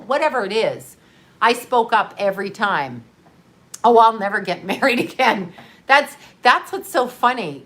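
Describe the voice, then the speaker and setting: A woman's voice: medium pitch, bright, forceful tone. A middle-aged woman in a candid livestream monologue, blunt and profane, laughing often while grieving. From United States. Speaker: livestream host.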